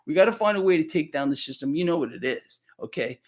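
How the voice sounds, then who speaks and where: A man's voice: on the high side, expressive, fast talker. A man hosting live financial commentary, ranting bluntly at his viewers and calling them "people," with lots of repeated words and restarts. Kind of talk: live solo market commentary.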